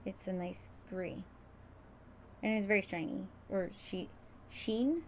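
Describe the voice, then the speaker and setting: A woman's voice: medium pitch, slow pace, darkish tone, a little hiss or hum. A woman hosting a casual livestream tutorial, chatty and rambling, often stumbling over her words as she sews. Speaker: crafter streaming a sewing demo.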